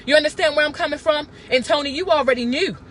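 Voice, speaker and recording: A woman's voice: sits high, quick pace, a bit bright, slight background noise. A woman, talking to camera in a blunt, profane, emphatic casual rant. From Baltimore. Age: 30s. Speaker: vlogger.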